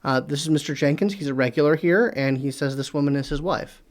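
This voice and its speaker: A man's voice: fairly high pitch, quick pace, lightly acted. A man voicing a courteous skeleton doorman in a tabletop game, speaking politely and apologetically. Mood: apologetic.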